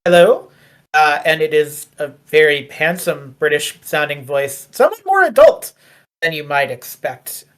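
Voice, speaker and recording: Relaxed GM, narrating with jokey tangents. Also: medium pitch, moderate pace. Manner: rambling, joking asides. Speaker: game master. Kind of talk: narrating a tabletop game.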